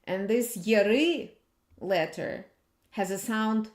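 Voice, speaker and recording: Woman teacher, repeats each sound patiently, very slow, roomy echo. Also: mid-range voice, animated. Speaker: language teacher. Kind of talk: slow alphabet lesson. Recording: echoey room.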